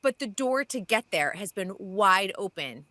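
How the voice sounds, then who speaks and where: A woman co-hosting a radio show, laying out her point in a steady, reasoned way. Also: mid-range voice, measured pace, no echo. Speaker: radio co-host. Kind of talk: casual talk radio banter.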